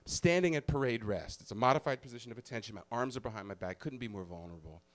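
A male comedian tells a personal story live on stage in a mid-range voice. He is animated and profane. He shifts from loud, punchy bursts to hushed, confessional stretches. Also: medium pitch, fast talker.

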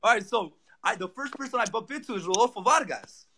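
A young man tells his story at a rapid clip. His voice sits high and bright, and he acts out each quoted line with excitement. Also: vocal fry, slight background noise. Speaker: guest. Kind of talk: animated storytelling.

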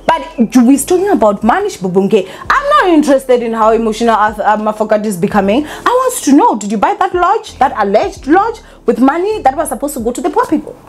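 Woman, vlogger, lively swooping pitch, fairly high voice, opinionated chat. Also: fairly quick, hardly any pauses. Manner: animated, opinionated, laughs often. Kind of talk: casual commentary vlog.

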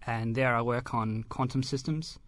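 A man's voice: mid-range voice, steady tone, normal speed, a bit bright, no echo. A young man, a guest on a podcast, explaining his work in an easygoing way with lots of ums and laughs. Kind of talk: casual podcast interview.

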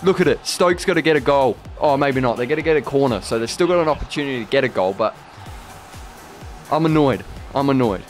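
A man commentating his own football video game career, yelling at missed chances and then muttering in defeat. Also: medium pitch, a little fast, soft background music. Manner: excitable, swings between shouting at the game and deflated muttering. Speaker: gaming YouTuber. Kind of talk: gameplay commentary.

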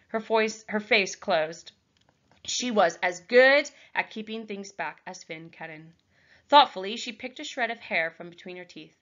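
A woman teacher reading a novel aloud to her class, expressive and clear. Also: medium pitch, measured pace, highs cut off. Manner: expressive storytelling.

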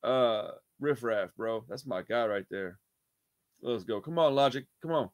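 An excitable man reacting to songs in loose, slangy talk full of swearing. His voice sits at an everyday middle pitch, and he jumps between hyped outbursts and quieter asides. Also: unhurried, over music. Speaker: music reaction channel host. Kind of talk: casual reaction commentary.

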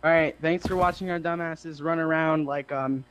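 A man's voice: fairly high pitch, steady tone, moderate pace, a bit bright, clear, resonant tone. A young man playing a VR game with a friend, joking around and teasing. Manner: joking, teasing, jokey mock-nature commentary. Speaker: co-player. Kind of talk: casual gameplay chat.

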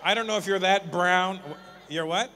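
A male stand-up comedian doing crowd work live on stage, teasing audience members with profane, quick banter. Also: sits high, background noise.

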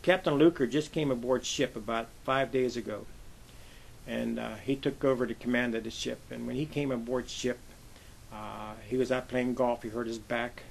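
An older man from western Pennsylvania tells his navy stories in a rough, gravelly voice at an ordinary pitch. He rambles, leaning on "uh" and "I says". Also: steady tone, normal speed, a little hiss or hum, poor audio. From western Pennsylvania, USA. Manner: rambling anecdotes with frequent uh and I says. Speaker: navy veteran interviewee. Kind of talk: oral history storytelling.

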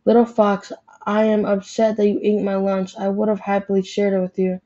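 A woman voicing a young female rabbit in a storybook, gentle and reassuring. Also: mid-range voice, monotone, moderate pace, dull audio, lightly acted.

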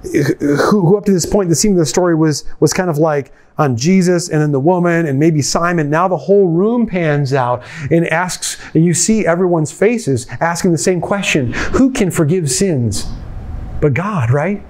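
Man, pastor, conversational sermon, fairly high voice, lively storytelling, direct address. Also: moderate pace, hardly any pauses. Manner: lively, retells scenes and addresses listeners directly.

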